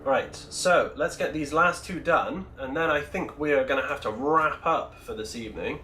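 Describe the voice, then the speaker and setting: A man's voice: fairly high pitch, moderate pace, sharp tone, roomy sound, slight background noise. A man hosting a casual livestream while painting miniatures, chatty and rambling as he answers his chat, speaking into a Bluetooth microphone.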